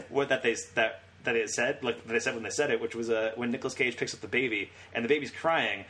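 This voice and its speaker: A young man co-hosts a casual podcast, racing through his retelling of scenes. His pitch sits in an ordinary middle range, and he laughs often as he talks. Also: sing-song, sharp tone. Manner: fast, rambling retelling with frequent laughs. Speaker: podcast co-host. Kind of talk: casual chat.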